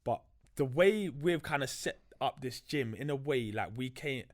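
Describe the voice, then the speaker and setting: A man's voice: mid-range voice, unhurried. Young man telling a slangy story. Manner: animated, loose slangy storytelling with many fillers. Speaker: podcast guest. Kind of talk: casual storytelling chat.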